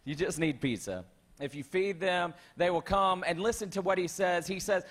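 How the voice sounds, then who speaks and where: A man's voice: sits high, normal speed, fairly bright tone. A male pastor preaching a sermon to his church, conversational and calling out to the congregation. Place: church sanctuary.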